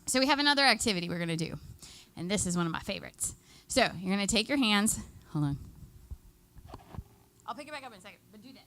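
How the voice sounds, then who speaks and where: A woman's voice: medium pitch, lively intonation, fast, long pauses, pushed and bright, a little hiss or hum. A woman giving a live workshop to seniors, chatty and upbeat, leading the group through exercises and laughing often. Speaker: extension educator.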